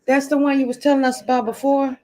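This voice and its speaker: A woman's voice: high voice, little pitch movement, fast talker, mellow. A woman hosting a casual chat, chiming in with short reactions and questions. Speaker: host of a chat stream.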